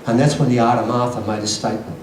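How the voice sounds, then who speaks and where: A man's voice: mid-range voice, steady tone, quick pace, background noise. Earnest man lecturing in an echoey hall. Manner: earnest, emphatic storytelling. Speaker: conference speaker. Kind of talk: lecture to an audience. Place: conference hall. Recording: echoey hall recording from a distance.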